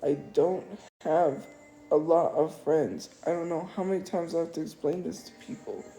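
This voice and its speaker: A woman's voice: low voice, moderate pace, dark tone. A woman on a live stream talking in an upset, defensive way and repeating herself. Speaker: livestreamer. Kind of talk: emotional live-stream monologue. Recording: echoey room, faint music.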